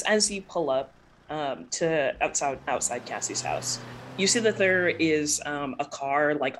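A woman's voice: a bass voice, fairly bright tone. A woman acting as game master of a tabletop game, narrating casually with many fillers.

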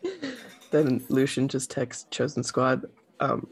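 A man's voice: mid-range voice, huge pitch swings, unhurried, slightly rough. A man playing a tabletop role-playing game, talking casually with fillers and laughs. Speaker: player.

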